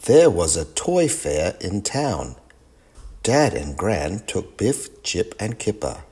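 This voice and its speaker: Slow, husky-voiced man reading a storybook. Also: sits low, big pitch swings, dark tone. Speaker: storybook reader.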